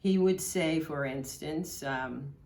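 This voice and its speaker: Older woman, unhurried fond storytelling, roomy echo. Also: deep voice, a little mellow, a little hiss or hum. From Brooklyn, New York. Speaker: local history speaker. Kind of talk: reminiscing talk.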